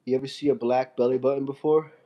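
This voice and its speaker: A man's voice: mid-range voice, flat delivery, quick pace, highs cut off. A man on a casual live stream, reading out viewer comments and answering them loosely and playfully into his phone. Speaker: fitness streamer.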